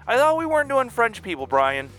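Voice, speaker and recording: A man's voice: extremely high pitch, sing-song, a little fast, a bit bright, soft background music. A man co-hosting a podcast in casual chat, rambling and playing dumb for laughs. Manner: rambling, plays dumb, goofy asides. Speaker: podcast co-host.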